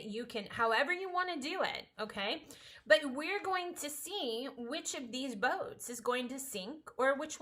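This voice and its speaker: A woman's voice: sits high, bright, forceful tone. A woman teaching a casual home-school science lesson, chatty, playful and encouraging.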